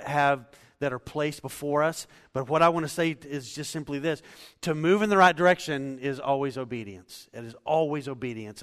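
A pastor in his forties delivers a conversational sermon, speaking easily and personally with laughing asides. His medium-pitched voice carries a big-room sound.

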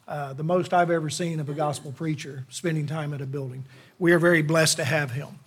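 A man's voice: fairly high pitch, steady tone, a little fast, husky. A middle-aged man, a lay preacher delivering a sermon to a church in a folksy, self-deprecating, conversational manner.

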